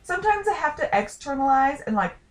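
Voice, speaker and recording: A young adult woman chatting casually to camera, rambling and self-deprecating with quick asides. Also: sits high, big pitch swings. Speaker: vlogger. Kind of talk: casual talking-to-camera chat.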